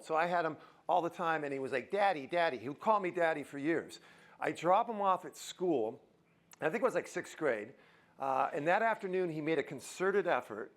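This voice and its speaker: A man's voice: sits high, a bit bright. A middle-aged man giving a motivational talk to a live audience in a university auditorium, joking and coaxing the crowd. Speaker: motivational speaker.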